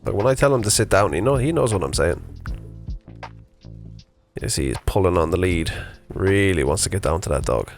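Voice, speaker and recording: A man's voice: low voice, animated, normal speed, pauses often, soft background music. A man in his thirties casually narrating an unscripted vlog while walking his dog outdoors, chatty and rambling with fillers. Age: 30s. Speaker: vlogger. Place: outdoors on a morning walk.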